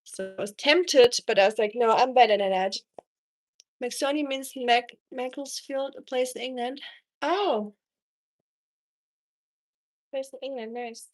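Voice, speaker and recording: Woman from Germany, cooking stream host, relaxed slow pace, slightly high voice, chatty with many ums. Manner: chatty, reads chat aloud, frequent ums. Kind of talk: casual live stream chat with viewers.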